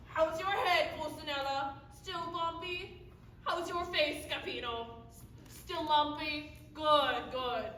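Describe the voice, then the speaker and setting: Wicked stepmom, put on by a woman, sugary and cold, slow and commanding, far off echoey stage. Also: sits high, a bit bright, slight background noise. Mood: cooing. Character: doting cruel middle-aged stepmother. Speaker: stage actor. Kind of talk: live stage comedy.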